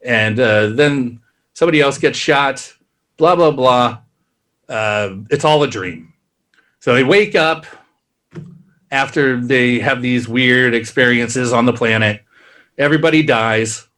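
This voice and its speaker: A man co-hosting a podcast, casually recapping a plot in a rambling way and acting out characters' lines in quick asides. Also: mid-range voice, a bit bright. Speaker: podcast co-host.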